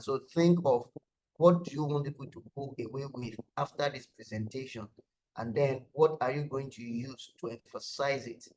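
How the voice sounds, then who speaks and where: A man's voice: mid-range voice, slight background noise, rough recording. A man presenting an online lesson on design thinking, explaining step by step and repeating key words for emphasis, over a video call. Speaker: webinar presenter.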